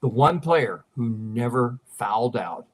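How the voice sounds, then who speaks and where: A man's voice: medium pitch, animated, measured pace. A man who is a sports writer, a guest on a talk show, eagerly recounting game details in casual chat.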